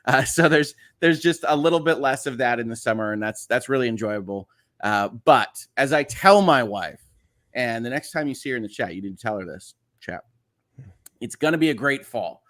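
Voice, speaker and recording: Hosting a casual livestream, a man with a slightly nasal Chicago accent reads out viewer messages and rambles along, dropping plenty of "uh" fillers and restarting often. He speaks at normal speed in an animated, fairly bright mid-range voice.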